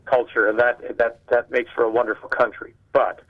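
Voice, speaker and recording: An older man from Canada, a guest sportscaster, chatting casually and telling animated anecdotes with acted-out dialogue. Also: mid-range voice, normal speed, muffled recording. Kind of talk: casual conversation, storytelling.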